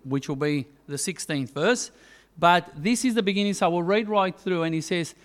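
A man delivers a sermon in a fairly high, smooth voice. He tells a story in a relaxed, hesitant way, with plenty of ums and restarts before he reaches his point. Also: normal speed. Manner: storytelling, hesitant with many fillers. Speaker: preacher.

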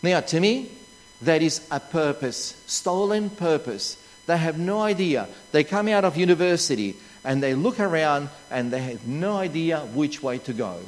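A man's voice: fairly high pitch, animated, unhurried. A man with an Australian accent preaching a sermon, emphatic and repetitive, asking rhetorical questions. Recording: long reverb of a large hall.

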